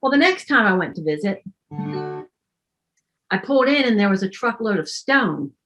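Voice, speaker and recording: A woman's voice: mid-range voice, very animated, normal speed, fairly bright tone, soft background music. A woman storyteller telling a personal story in a casual way, with wry, self-deprecating humor.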